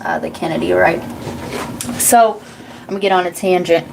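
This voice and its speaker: A woman's voice: lowish voice, big pitch swings, moderate pace, creaky, background noise. Blunt, rambling woman in her forties. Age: 40s. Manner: blunt, profane and rambling, laughs often. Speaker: psychic channel host. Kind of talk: casual rambling psychic reading.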